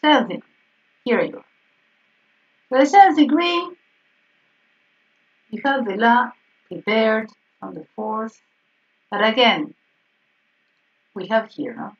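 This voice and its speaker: A woman piano teacher explaining harmony exercises in an online group lesson, checking in with frequent "yes?" and soft laughs. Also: a little high, lively intonation, slow pace, long pauses. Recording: slightly dull, distant online call audio.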